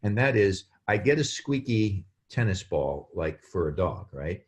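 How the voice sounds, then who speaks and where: A man speaking as a guest on a podcast, explaining in an animated way and acting out quotes. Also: low-pitched, measured pace. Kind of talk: casual podcast chat.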